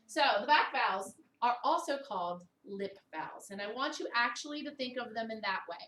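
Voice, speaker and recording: A woman in her thirties from Baltimore with a mid-Atlantic American accent, teaching a vocal technique workshop in an animated way and singing vowel sounds aloud to demonstrate them. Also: fairly high pitch, a little fast. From Baltimore, USA. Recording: echoey room, distant mic, faint hiss.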